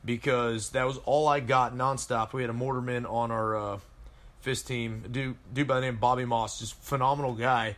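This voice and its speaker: A man in his thirties, a Marine veteran from Colorado, spins long, loose stories on a podcast. His voice sits at an ordinary middle pitch, and he talks in a casual, profane way as he wanders from one memory to the next. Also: flat delivery, normal speed, fairly bright tone. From Colorado, USA. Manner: rambling, profane war-story telling. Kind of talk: casual chat.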